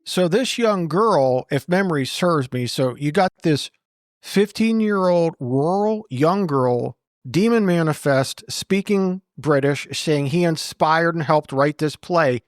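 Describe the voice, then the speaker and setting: Male interview host, slightly higher voice, quick prompting questions, dry close mic. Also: lively intonation, no echo.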